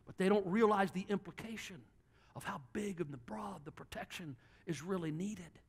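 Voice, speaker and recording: A pastor preaching a sermon from a church platform, animated and joking, acting out little dialogues for his congregation. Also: sits high, normal speed, slightly rough.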